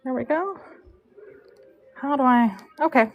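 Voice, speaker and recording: A woman's voice: high voice, lively intonation, unhurried, highs cut off. A woman live-streaming as she braids hair, telling a rambling story in a chatty way, full of fillers and asides about her work. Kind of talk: casual storytelling while working.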